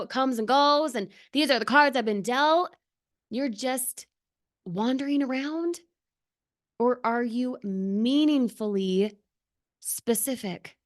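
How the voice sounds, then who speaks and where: A woman leading a live motivational training for her team, speaking earnestly and emphatically with lots of rhetorical questions. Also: mid-range voice. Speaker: team leader.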